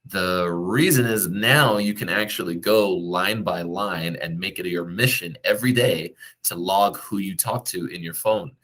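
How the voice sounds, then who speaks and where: A man's voice: low voice, unhurried, hardly any pauses, a bit bright. A man who works as a real estate agent, giving direct, coaching advice to the viewer in a casual vlog.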